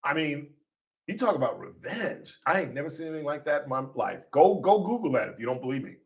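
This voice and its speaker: A man's voice: fairly high pitch, a little fast. Blunt, combative radio host man. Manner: blunt, combative, animated storytelling. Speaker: radio talk show host. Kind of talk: opinionated talk radio monologue.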